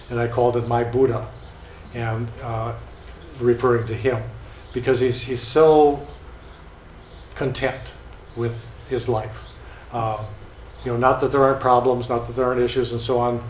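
A man casually telling stories about people he has met, with many fillers and restarts. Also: medium pitch. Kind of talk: casual storytelling. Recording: echoey room with faint noise.

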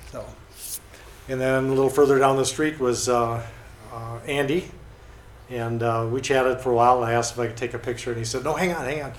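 A man's voice: medium pitch, flat delivery, fairly quick. Hesitant man telling stories, echoey room. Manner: hesitant, many fillers and restarts. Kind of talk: casual storytelling. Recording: echoey room with faint noise.

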